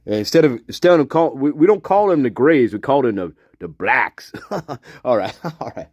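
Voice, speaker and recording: Giggly, animated man hosting a stream. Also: medium pitch, moderate pace, no echo, lo-fi sound. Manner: giggly and joking, laughs between lines; drops into breathy whispers at times. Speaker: livestream host. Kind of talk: casual livestream chat.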